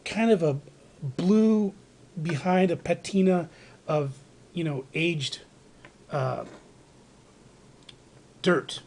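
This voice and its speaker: A man's voice: a little high, drawn-out words, long pauses, a little mellow. A man chatting loosely through a show-and-tell of his collectibles, rambling and restarting with plenty of fillers. He is recorded indoors on a handheld camera mic, with a faint hiss of noise behind him. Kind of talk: casual show-and-tell narration. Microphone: handheld camera microphone.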